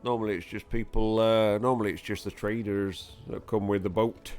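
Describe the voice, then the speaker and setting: A man's voice: on the low side, fairly even intonation, moderate pace, a little mellow, lightly acted. A man voicing a blunt, money-minded Yorkshire innkeeper who teases and haggles, with music behind. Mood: matter-of-fact.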